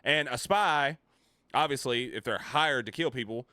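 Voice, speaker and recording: A man's voice: medium pitch, moderate pace, sharp tone, dry recording, studio quality. A man streaming a reaction to a video, thinking aloud in casual commentary with fillers and restarts.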